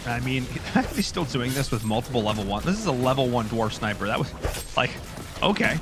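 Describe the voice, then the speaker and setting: A man's voice: medium pitch, brisk, over music. Man casting esports with jokey energy. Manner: animated, jokey, rambling with fillers. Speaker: esports caster. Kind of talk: live esports commentary.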